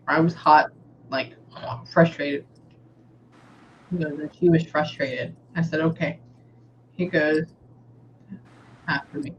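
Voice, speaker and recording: Texan woman medium, chatty, pauses often; slightly dull audio, faint noise behind. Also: deep voice. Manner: chatty, relays messages, often pauses with "hang on". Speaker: psychic medium. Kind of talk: casual reading session.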